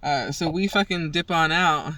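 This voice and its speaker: A woman's voice: deep voice, normal speed, far from the mic, noisy background. A woman hosting her own show, telling a rambling story in casual chat, swearing freely and acting out what everyone said. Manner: profane, acts out quoted dialogue, rambling. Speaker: podcast host.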